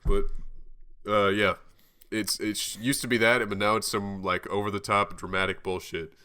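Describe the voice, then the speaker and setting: A young man co-hosting a podcast, telling a story in a rambling, animated way with plenty of swearing. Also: on the low side, normal speed, clean tone. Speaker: podcast co-host. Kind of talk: casual chat.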